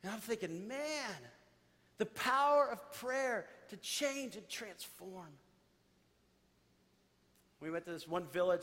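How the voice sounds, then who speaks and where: A man, a pastor preaching a sermon and telling stories to his church. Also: high-pitched. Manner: storytelling, animated, addresses church directly. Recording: reverberant church hall.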